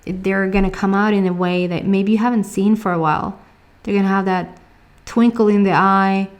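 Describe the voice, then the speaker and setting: A woman's voice: medium pitch, a little mellow. A woman with a Swedish accent giving a casual tarot reading, chatty, laughing often and searching for words. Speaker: tarot reader.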